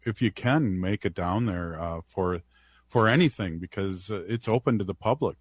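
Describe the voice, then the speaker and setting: A man hosting a casual conversation, talking loosely with frequent pauses and uhs. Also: low-pitched, husky, dry recording.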